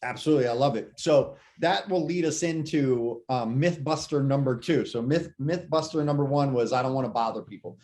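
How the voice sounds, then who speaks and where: A man co-hosting a casual podcast, talking shop with lively energy and acting out imagined phone calls. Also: on the high side, moderate pace, hardly any pauses. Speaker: podcast co-host. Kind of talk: casual real estate podcast chat.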